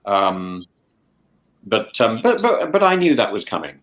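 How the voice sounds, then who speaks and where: Stammering, lively-voiced male host. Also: on the low side, a little slow, low-quality recording. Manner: stammering, repeats words, animated asides. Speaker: podcast host, professor. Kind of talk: casual chat. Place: home in lockdown.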